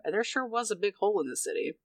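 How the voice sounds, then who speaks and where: A man's voice: sits high, expressive, racing, no echo. A man playing a tabletop game, giving a rambling, wry recap full of fillers. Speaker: player.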